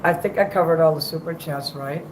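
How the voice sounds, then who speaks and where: A man's voice: on the high side, a little fast, reverberant, noisy background. A man livestreaming and chatting between karaoke songs, talking in a profane, rambling way with a strained, worn-out voice. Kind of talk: livestream chat with karaoke singing.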